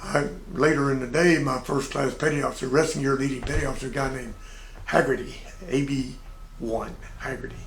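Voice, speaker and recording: A man's voice: mid-range voice, steady tone, brisk, a little hiss or hum. An older man, a navy veteran, telling a casual, plain-spoken anecdote with chuckles and swearing. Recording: echoey room.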